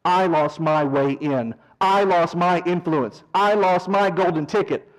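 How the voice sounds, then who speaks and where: Man doing mock mourner, whiny, melodramatic, high-pitched, self-pitying. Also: measured pace, natural voice, rough recording. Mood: lamenting. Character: self-pitying worldly mourner, wailing over lost riches.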